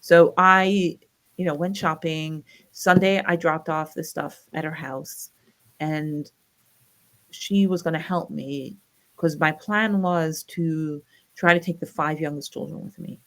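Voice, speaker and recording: This middle-aged woman from the U.S. speaks slowly in a low voice while telling her personal story as an interview guest. Her retelling is animated, with quoted people's voices acted out.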